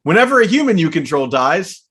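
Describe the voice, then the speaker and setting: A man with a slightly higher voice co-hosts a relaxed chat, reading spoiler card text aloud with many fillers. He sounds easygoing and casual throughout. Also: a little fast, breathy edge. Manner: laid-back, reads card text aloud, frequent fillers. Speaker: podcast co-host.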